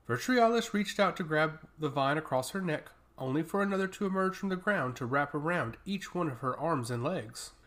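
A man narrating a fantasy story with a steady, dramatic reading. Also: a little high, normal speed, hardly any pauses.

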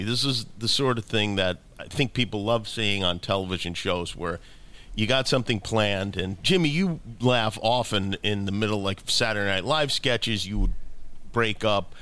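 Low-voiced man reading listener mail. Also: animated, normal speed, pushed and bright. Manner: teasing, reads listener questions. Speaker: podcast co-host. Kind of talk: casual chat.

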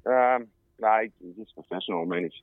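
A man's voice: fairly low pitch, brisk, dry recording. A man interviewed as a guest on a podcast, giving brief, plain answers over a phone line. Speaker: guest dog trainer.

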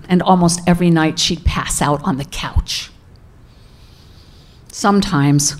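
Middle-aged woman telling her own story, slow and deliberate, repeats words for emphasis. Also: on the low side, a little mellow. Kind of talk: personal storytelling to an audience.

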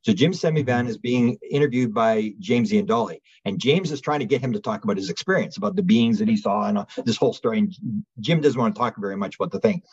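A man being interviewed as a guest researcher, telling stories in a rambling, animated way with many restarts. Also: lowish voice, quick pace, slightly rough, muffled recording. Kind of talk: casual storytelling interview.

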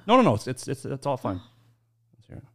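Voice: mid-range voice, very animated, quick pace, slightly rough. A podcast co-host chatting playfully and casually, with casual swearing. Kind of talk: casual chat.

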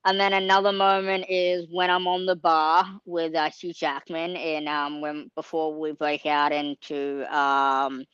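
A woman's voice: low voice, flat delivery, measured pace, few pauses, fairly bright tone, clean tone, no echo. Earnest young woman, fillers galore. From Australia. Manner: earnest, heavy on fillers like um, like and you know. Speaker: actor being interviewed. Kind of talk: casual anecdote telling. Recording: slightly dull lo-fi sound.

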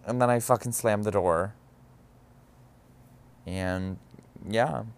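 Candid, profane young podcast host. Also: male voice, fairly low pitch, slow pace, smooth. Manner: candid, profane, dramatic exclamations. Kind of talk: casual storytelling monologue.

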